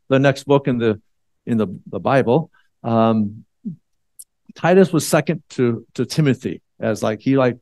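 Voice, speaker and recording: A man's voice: mid-range voice, darkish tone, no room sound. A man, a church elder, giving a conversational Bible sermon with many fillers and restarts.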